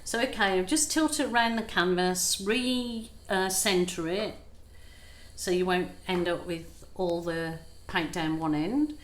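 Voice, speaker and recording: A middle-aged woman hosts her own craft channel, talking slowly and chattily with a slightly low voice. She pokes fun at herself as she narrates a paint pour. The room sounds echoey, with a faint hum of ambient noise behind her. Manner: chatty and self-deprecating, thinks aloud. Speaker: acrylic pour artist and channel host. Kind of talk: casual how-to chat while painting.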